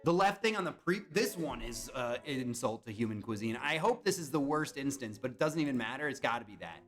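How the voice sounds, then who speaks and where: Animated young man streaming live. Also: mid-range voice, fairly quick, soft background music. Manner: animated, chatty, reads and answers chat. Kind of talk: casual live-stream chat.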